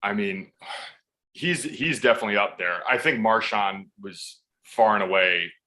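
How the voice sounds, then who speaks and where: A man's voice: fairly low pitch, moderate pace, sharp tone. A man in his thirties, a podcast guest telling laid-back stories that are full of swearing. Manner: laid-back, swears freely, acts out quotes. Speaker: podcast guest, football player. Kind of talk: casual storytelling.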